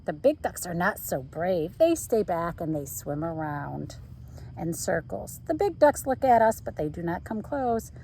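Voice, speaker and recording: Woman teacher, picture-book read-aloud for kids, very animated pitch, playful sound effects. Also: unhurried, creaky, a little hiss or hum, low-quality recording.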